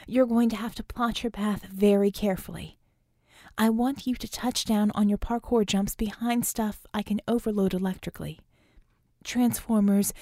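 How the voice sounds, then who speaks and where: A woman reading an audiobook, voicing a quick-witted young woman tech hero who jokes nervously and plans fast. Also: medium pitch, warm tone, dry recording, clean studio sound, close to an everyday voice.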